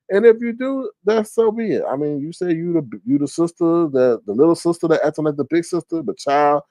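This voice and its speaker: Animated man with sassy high squeals. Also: no echo. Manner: animated, jumps to high squeals when quoting people; drawling, sassy asides. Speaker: livestream commentator. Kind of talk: casual gossip commentary reading chat.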